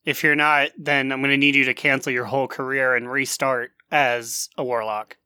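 A man's voice: medium pitch, little pitch movement, normal speed, pushed and bright, smooth, no echo, studio quality. A man co-hosting a podcast who throws in teasing quips during casual chat. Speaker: podcast co-host.

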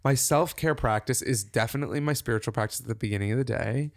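A man talking as a guest on a casual podcast, animated and laughing, who acts out his own inner voice and swears casually. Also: medium pitch, fast, gravelly, dry recording, clean studio sound.

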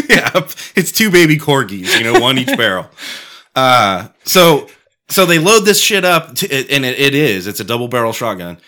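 A man's voice: medium pitch, sing-song, moderate pace, bright, forceful tone. A man co-hosting a podcast, telling rambling, profane stories in casual chat. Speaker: podcast co-host.

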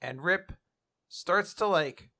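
Animated young man, bright voice. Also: high-pitched, takes it slowly, gravelly. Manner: animated, laughs often, acts out quoted lines in a raised voice. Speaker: podcast co-host. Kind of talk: casual manga recap chat.

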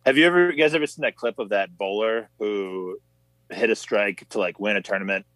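A man hosting a podcast, talking in a quick, laid-back, amused way. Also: lowish voice, a bit bright, no echo, low-quality recording. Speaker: podcast host. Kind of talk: casual chat.

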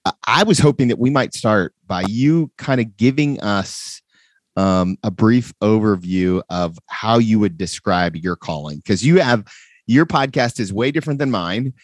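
A man hosting a casual faith podcast interview, friendly and a bit halting, with fillers and restarts. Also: fairly low pitch, animated, dry recording, clean studio sound. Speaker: podcast host.

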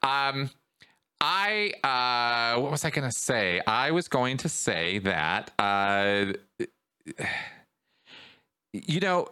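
A man hosting a podcast, talking casually and getting animated, his voice climbing when he's worked up. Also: mid-range voice, drawn-out words, long pauses, clean tone. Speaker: podcast host. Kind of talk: casual conversation.

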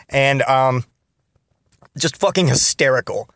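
A man's voice: medium pitch, a little fast, a bit bright, no room sound. A man in his thirties telling rambling, profane stories from his past in a casual podcast monologue, full of restarts and fillers. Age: 30s. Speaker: podcast host.

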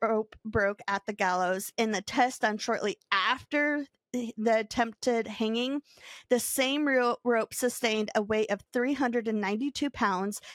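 A woman's voice: on the high side, fairly bright tone, no room sound. A woman co-hosting a podcast, reading a true story aloud with small stumbles and chatting casually. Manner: reads from notes with small stumbles, laughs easily. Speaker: podcast co-host.

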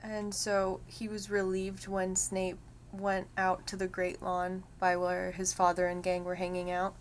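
A woman co-hosting a podcast in casual chat, soft-spoken and easygoing. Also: on the low side, completely flat delivery, measured pace, slight background noise. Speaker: podcast co-host.

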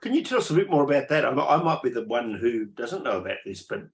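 A man hosting a podcast, moderating audience questions in a brisk, friendly way. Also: mid-range voice, very animated, reverberant. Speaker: podcast host. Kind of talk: casual chat, moderating questions.

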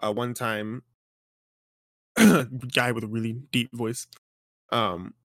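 A man's voice: medium pitch, steady tone, slow, fairly bright tone, dry recording, studio quality. A young man co-hosting a casual gaming podcast, telling a funny story at an easygoing pace. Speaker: podcast co-host.

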